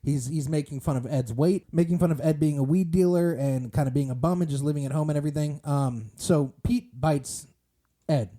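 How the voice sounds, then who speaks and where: A man's voice: a little high, brisk, mellow. A man co-hosting a podcast, chatting casually about a movie, rambling with lots of fillers and restarts. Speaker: podcast co-host.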